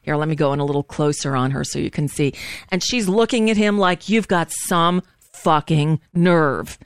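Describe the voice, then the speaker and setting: A woman with a low, smooth voice, chatting loosely as she hosts a live stream. She walks listeners through what is on screen, with plenty of fillers and asides. The sound is dry and close. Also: expressive, fast, dry recording. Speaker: host. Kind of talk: casual live-stream commentary.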